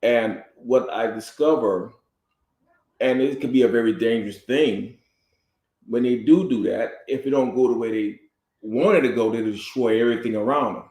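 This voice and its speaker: A man co-hosting a casual talk with his wife, speaking in a halting way with fillers and repeated words. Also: mid-range voice, a little mellow, roomy sound. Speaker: husband and co-host. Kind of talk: casual couple's talk show.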